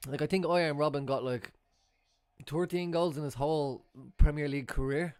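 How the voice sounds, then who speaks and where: Young male streamer, live watchalong commentary, voice sits a touch high, dry room, excitable with sudden shouts and swearing. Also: moderate pace, smooth, no room sound. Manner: excitable, swears, jumps to loud outbursts. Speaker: fan streamer.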